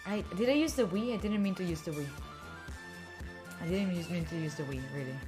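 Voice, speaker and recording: A woman's voice: lowish voice, a little fast, dark tone, faint music behind. A woman in her twenties, a study streamer from Italy, chatting tiredly and rambling as she answers her live chat. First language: Italian. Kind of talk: casual livestream chat.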